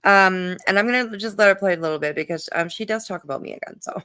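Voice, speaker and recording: A woman's voice: mid-range voice, fast, hardly any pauses, sharp tone, no room sound, clean studio sound. A woman hosting a live stream, reacting to a clip with sarcastic, mocking commentary and greeting her viewers.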